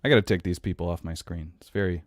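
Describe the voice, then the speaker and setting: A man's voice: low voice, fast, no room sound. A man in his thirties hosting a podcast, ranting in a casual, exasperated, profane way. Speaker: podcast host.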